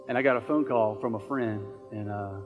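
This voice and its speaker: A man's voice: fairly low pitch, moderate pace, music in the background. A man preaching a sermon as pastor in a church service, earnest and repeating phrases for emphasis.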